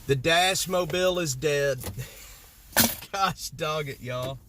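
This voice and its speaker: A man's voice: a little high, takes it slowly, noisy background. A man, live-streaming from beside his broken-down car in the cold, joking with viewers and sounding exasperated. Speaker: livestream host. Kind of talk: casual live-stream chat.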